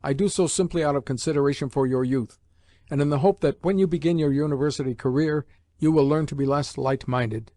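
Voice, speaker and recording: A man's voice: a little high, fairly quick, warm tone, no echo, clean studio sound, close to an everyday voice. A man reading an audiobook voices a stern, condescending older male professor who speaks with clipped intonation and a scolding, dismissive manner. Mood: grudging. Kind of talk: audiobook character voice.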